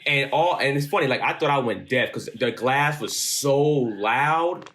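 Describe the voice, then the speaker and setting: A man in his thirties, co-hosting a podcast, telling a story in casual chat, animated and swearing freely. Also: medium pitch, unhurried. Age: 30s. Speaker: podcast co-host.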